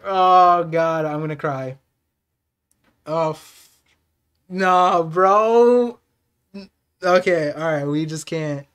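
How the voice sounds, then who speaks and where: Young man, live stream reaction, excitable, unhurried, slightly high voice. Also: smooth. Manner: excitable, laughing, swings to subdued reflection. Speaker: streamer reacting to a manga chapter.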